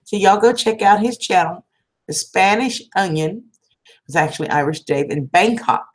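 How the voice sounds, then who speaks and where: A woman's voice: mid-range voice, expressive, moderate pace. A woman, hosting a casual livestream and chatting affectionately with viewers, calling them sweetheart and hon. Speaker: livestream host.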